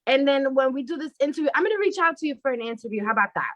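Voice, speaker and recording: A woman's voice: high-pitched, animated, racing, fairly bright tone. A woman co-hosting a podcast in casual chat, supportive and chiming in. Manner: supportive, chimes in with affirmations. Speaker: podcast co-host.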